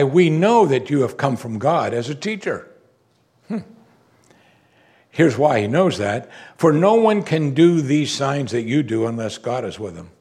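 A man preaching a sermon, animated and rhetorical, repeating lines and exclaiming for emphasis. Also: mid-range voice, husky.

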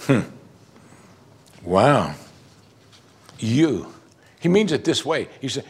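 A middle-aged male pastor delivering a sermon in a husky, slightly breathy voice at an ordinary middle pitch. He drives his points home with emphasis, pausing for musing hums and putting rhetorical questions to his listeners. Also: very animated.

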